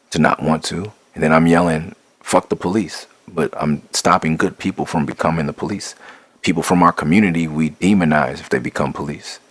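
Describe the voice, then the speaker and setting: A man's voice: sits low, a bit bright, dry recording. A middle-aged man giving a blunt, profane, impassioned spoken monologue, restarting and building in intensity. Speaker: rapper sharing his views.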